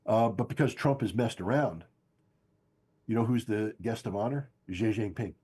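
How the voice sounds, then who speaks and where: Emphatic older man with a husky low voice. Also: normal speed, a little mellow. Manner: emphatic, insistent, repeats key phrases. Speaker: guest analyst. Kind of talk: political commentary on a podcast stream.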